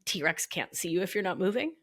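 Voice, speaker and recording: A woman with a New York accent in a casual podcast conversation, animated and jokey as she talks. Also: on the low side, brisk.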